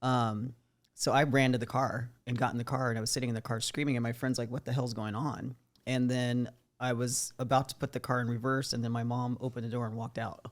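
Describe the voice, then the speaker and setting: A woman, a podcast guest, recounting events in relaxed, conversational talk full of "like.". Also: rumbling low, fairly quick. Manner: conversational, loose with fillers like "like". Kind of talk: casual storytelling.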